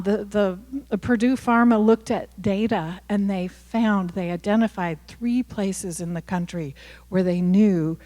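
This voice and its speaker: A woman in her sixties from Kentucky, with a softened Appalachian accent, gives a candid, chatty talk to an audience at a university, full of self-deprecating asides, fillers and restarts. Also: on the low side. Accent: Appalachian Kentucky, softened toward neutral. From Kentucky, USA. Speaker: author giving a talk. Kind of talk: casual talk with audience questions. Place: university lecture hall. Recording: hall with long reverb.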